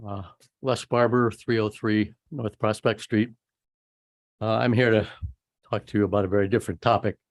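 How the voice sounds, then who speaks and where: A man giving a measured public comment at a city council meeting, pausing often with "uh". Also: fairly low pitch, steady tone. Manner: measured, many "uh" pauses.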